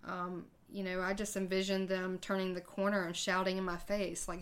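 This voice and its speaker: With a medium-pitched, flat delivery, a female podcast host recounts something personal in a chatty way. She performs the dialogue, hesitating and halting as she goes.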